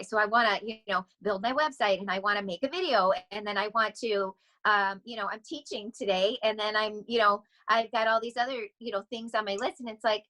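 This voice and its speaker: A middle-aged woman talking casually as a podcast guest, rambling and animated, often laughing as she speaks. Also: mid-range voice, fairly quick, low-quality recording. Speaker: podcast guest, vocal coach. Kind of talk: casual interview chat.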